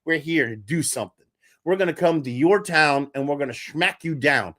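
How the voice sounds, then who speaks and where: A man hosting a casual live-streamed sports talk show, animated and scattered, laughing while he juggles links and texts. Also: fairly high pitch, normal speed. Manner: animated, laughing, talks to chat and co-hosts. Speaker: podcast host.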